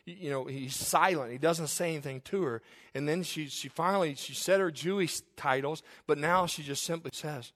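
Middle-aged guy preaching, lively, puts on little voices for folks he quotes, cracks jokes at himself. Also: on the high side, fairly quick. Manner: animated, acts out voices of people he quotes. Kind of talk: sermon.

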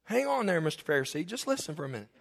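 Higher-pitched man preaching a sermon. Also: sing-song, very fast. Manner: confessional, humorous storytelling to a congregation. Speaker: pastor. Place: church.

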